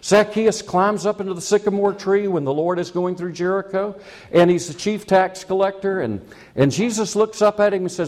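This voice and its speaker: A man's voice: high voice, normal speed, a little mellow. A man preaching a sermon, telling a personal story in a chatty, self-mocking way and chuckling at his own jokes.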